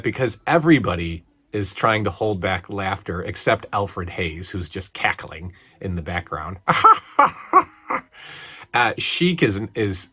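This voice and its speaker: A man with a low, husky voice and a bright, pushing tone hosts a casual review show. He rambles through his thoughts with plenty of fillers and restarts. He stays amused throughout. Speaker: host of a wrestling review show.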